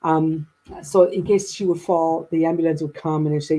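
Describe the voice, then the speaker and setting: Woman in her fifties, guest, rambling storyteller; husky tone, restarts often. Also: low-pitched, level tone, brisk, dark tone, rough recording. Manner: rambling, with many restarts and quoted dialogue. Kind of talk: personal storytelling in a conversation.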